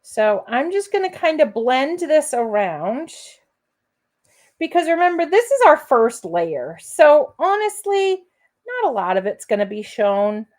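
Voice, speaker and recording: A woman hosting a live crafting demo in an unhurried, chatty way. Her voice sits slightly high, and she keeps encouraging viewers as her friends. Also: big pitch swings, darkish tone. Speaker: crafting host.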